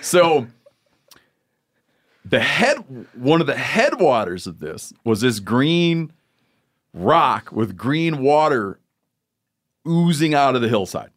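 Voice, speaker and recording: A man hosts a casual podcast and tells a long, rambling story with a joking edge. His voice sits at an ordinary middle pitch. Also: very animated, slow, long pauses. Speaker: podcast host.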